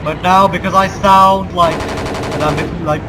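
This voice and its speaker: Speaking slowly in a high-sitting voice with fairly even intonation, a Balkan gamer imitates an American accent as he narrates gameplay. Mock-heroic war speeches and wry asides make up his commentary, over loud game sounds and vehicle noise.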